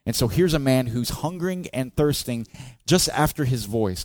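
A pastor with a mid-range voice speaks at normal speed, with no room sound. His sermon is conversational, full of questions for the congregation, and he expressively voices the psalmist's cries in a raised tone.

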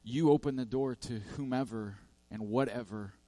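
A man voicing Jesus in a sermon parable, speaking gently and quietly as he explains. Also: mid-range voice, normal speed, dry recording, lightly acted. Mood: calm. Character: calm, patient Jesus.

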